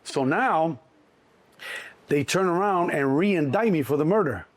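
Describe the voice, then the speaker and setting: A middle-aged man from Chicago, a guest in an interview, telling his story in an animated way and acting out the people in it. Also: fairly high pitch, a little slow, no room sound. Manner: animated, acts out cops and himself in quotes.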